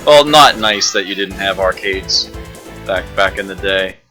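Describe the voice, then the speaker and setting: Unhurried man, low voice, bright tone, game music behind, casual arcade commentary. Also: rough recording. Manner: chatty, laughs often, many fillers. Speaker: streamer. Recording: backup mic, music behind.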